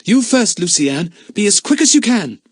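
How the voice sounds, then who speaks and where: A man's voice: high voice, lively intonation, moderate pace, dry recording, clean studio sound, pitched above the performer's own voice. A man voicing a brave, anxious boy who urges his friends on in a breathless, urgent way.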